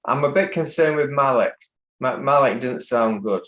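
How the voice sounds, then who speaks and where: A man's voice: medium pitch, moderate pace, a bit bright, poor audio. A man working as a spiritual healer, giving direct, reassuring advice.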